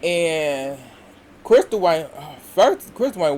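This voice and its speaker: A man's voice: fairly high pitch, animated, unhurried, a little hiss or hum. A man giving a casual episode recap as a reality TV reviewer, rambling along with many hesitations and restarts.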